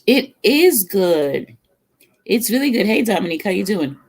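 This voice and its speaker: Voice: mid-range voice, sing-song, normal speed, breathy edge. A middle-aged cooking vlogger chatting casually between bites, telling stories and laughing often. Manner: talks between bites, murmurs over food. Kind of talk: casual chat while eating on a livestream.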